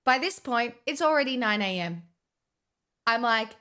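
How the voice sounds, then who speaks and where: A woman's voice: a little high, animated, moderate pace, long pauses, bright, forceful tone, smooth. A young woman, chatting casually as a vlogger, swearing often and restarting her sentences. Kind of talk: casual storytime chat.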